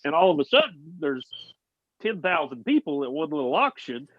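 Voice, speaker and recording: A man's voice: fairly high pitch, big pitch swings, normal speed, background noise. Easygoing male host on dull lo-fi audio. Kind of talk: casual discussion.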